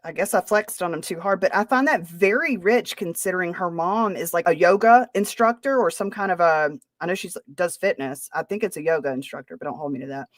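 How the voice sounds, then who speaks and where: A woman's voice: fairly low pitch, brisk, hardly any pauses, no room sound, studio quality. A woman hosting a podcast, talking casually in a sarcastic, defensive way. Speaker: podcast host. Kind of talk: casual chat.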